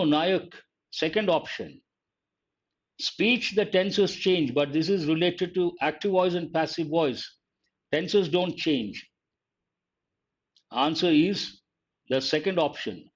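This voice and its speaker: Male grammar teacher, slightly high voice, slow and deliberate, dull lo-fi stream. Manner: slow, deliberate, repeats key phrases, quizzes viewers. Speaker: English teacher. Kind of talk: live online grammar lesson.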